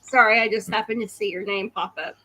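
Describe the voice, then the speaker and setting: A woman chatting on a live stream, tossing in quick remarks and giggles. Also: medium pitch, steady tone, sharp tone, rough recording. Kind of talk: casual chat on a live stream.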